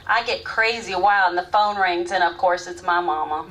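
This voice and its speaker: An actress performing a live stage monologue as a grown woman candidly recalling her first love, sometimes soft, sometimes loud. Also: fairly low pitch, normal speed, crowd noise, natural voice. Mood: frank recalling. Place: theater stage, live audience. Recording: distant stage mic, faint room noise.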